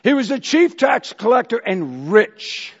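A man's voice: very high voice, very animated, unhurried, breathy edge. A man preaching a sermon and telling a story, acting out the voices of its characters. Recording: dull hall echo.

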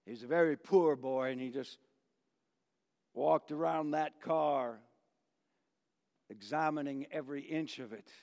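A male pastor preaches slowly and deliberately in a gravelly, fairly high voice. His delivery swings between loud emphasis and hushed near-whispers. A long church reverb hangs after each phrase. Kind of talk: sermon with storytelling.

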